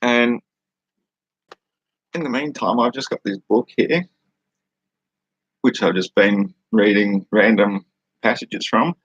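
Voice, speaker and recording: Australian male host, low and husky, unhurried, casual livestream chat and read-aloud, dry sound. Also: a bit bright, no room sound, dull audio. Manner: laid-back, chuckling, unhurried. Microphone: studio microphone.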